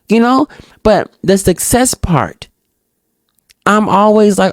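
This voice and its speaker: Woman, solo podcast host, answers questions aloud, outspoken, lively up-and-down pitch, dry room. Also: slow, pauses often, no room sound. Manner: animated and outspoken, addresses listeners directly; acts out little dialogues in higher voices.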